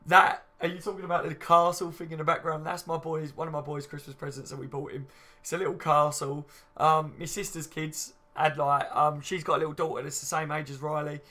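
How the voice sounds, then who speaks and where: This man in his late twenties runs a casual fan livestream, reading out viewer comments, matey and chatty, swearing freely and saying "you know what I mean" a lot. His fairly high voice holds a level tone, a little fast, sounding pushed and bright.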